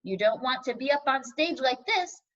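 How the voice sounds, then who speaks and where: A woman's voice: sits high, animated, normal speed, a bit bright, lo-fi sound. A woman as a cheerful drama teacher. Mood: upbeat. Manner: upbeat, instructive.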